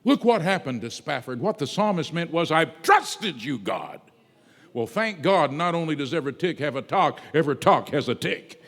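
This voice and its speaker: A man preaching in a large sanctuary, his voice ringing with a long hall reverb. He sits a little high for a man and moves his pitch all over the place, swinging from hushed asides to loud, stretched-out emphasis. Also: very animated. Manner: dramatic swings in loudness, drawn-out emphatic words. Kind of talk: sermon.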